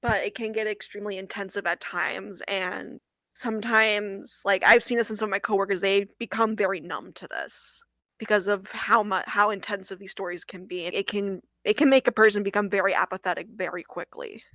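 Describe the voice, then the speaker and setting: A young woman who works on a hotline, earnestly recounting a difficult call in an interview, often pausing on "like.". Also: mid-range voice, steady tone, pushed and bright, dry recording, poor audio. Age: young adult. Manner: earnest, halting, with frequent "like" fillers. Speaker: domestic violence hotline worker. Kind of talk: recounting a personal experience in an interview.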